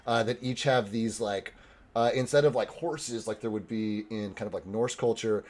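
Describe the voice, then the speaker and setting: A man's voice: lowish voice, steady tone, moderate pace, darkish tone. A man running a tabletop game as game master, narrating loosely with many fillers and casual swearing. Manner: rambling, filler-heavy, swears casually, laughs a lot.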